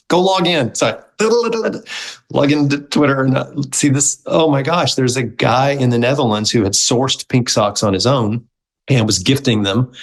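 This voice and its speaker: A middle-aged man, a guest on an interview show, telling his story in a casual, animated way and acting out the quoted dialogue. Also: mid-range voice, rough recording. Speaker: guest, movement founder.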